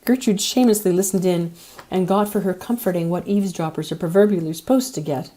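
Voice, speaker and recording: A woman reading a novel aloud with a measured, gentle delivery. Her voice is lower than most and has a warm, mellow tone. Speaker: audiobook reader.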